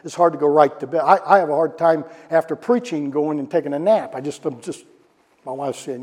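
A man delivers a sermon in an animated way, often asking the congregation questions. His voice sits high but has a dark, mellow tone. The sound rings with the long reverb of a large church hall. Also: brisk, husky. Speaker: pastor.

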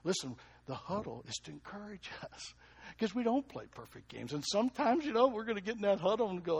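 Man, pastor, sermon, high-pitched voice, lively, asks the congregation questions. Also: a little fast, creaky, breathy edge.

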